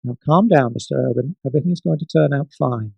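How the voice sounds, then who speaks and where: Calm, soothing nurse with patronising reassurance, put on by a man, dry close sound. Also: medium pitch, brisk, gravelly, breathy edge, no echo, highs cut off.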